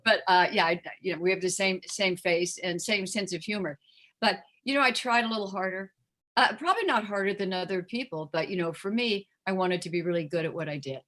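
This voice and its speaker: A woman's voice: mid-range voice, brisk, a bit bright. Chatty older woman. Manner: chatty, many fillers, quotes people in voices. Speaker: interview guest. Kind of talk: casual chat.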